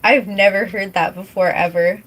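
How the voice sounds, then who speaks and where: A woman's voice: mid-range voice, steady tone, moderate pace, fairly bright tone, poor audio. A young woman from British Columbia, streaming and chatting casually with her chat, rambling with lots of fillers and casual swearing. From British Columbia, Canada. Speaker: live streamer.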